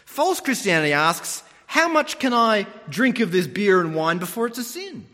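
Male preacher, animated sermon delivery, high and expressive, long reverb. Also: moderate pace. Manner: animated storytelling, mimics voices.

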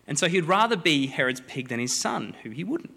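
A man preaching a sermon, a lively, joking storyteller who acts out the people in the story. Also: a little high, a little fast, vocal fry, husky. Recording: long hall reverb.

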